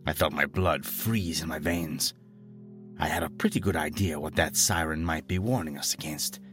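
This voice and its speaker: A man reading a scripted horror story in a steady, grave storytelling manner. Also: rumbling low, moderate pace, faint music behind. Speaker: narrator.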